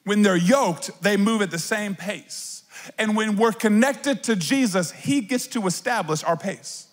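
Guy preaching a sermon, kinda high voice, big echoey church hall, acts stuff out. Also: unhurried. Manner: animated, acts out voices, playful asides. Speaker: pastor.

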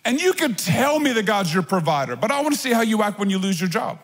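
A man's voice: high voice, big pitch swings, fast talker, slightly rough. A man preaching a sermon as pastor, talking conversationally and animatedly, acting out little voices. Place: large church hall. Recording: long hall reverb.

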